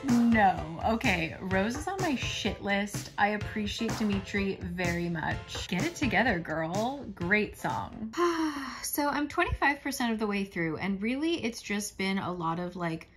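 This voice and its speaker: A woman's voice: medium pitch, lively intonation, a little slow, hardly any pauses, fairly bright tone, soft background music. A young woman chatting casually in a book vlog, frank and exasperated, with lots of filler words. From living in Korea. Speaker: book vlogger. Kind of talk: casual reading vlog chat.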